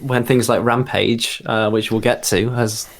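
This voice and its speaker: A man's voice: medium pitch, level tone, unhurried, slight background noise. A man hosting a casual group chat, talking in a thoughtful way with lots of fillers and hedges. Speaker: podcast host.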